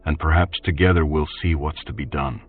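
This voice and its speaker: A man's voice: extremely low pitch, steady tone, a little fast. A man voicing a worried, protective young man who presses with earnest questions in an audiobook, over faint music. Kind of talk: audiobook character voice. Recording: distant tinny phone-like sound, faint music.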